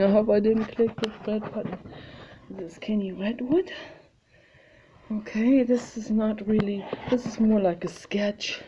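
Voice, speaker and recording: A woman chatting casually in a home video, meandering and thinking aloud as she shows her art. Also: mid-range voice. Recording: slightly muffled, faint hiss.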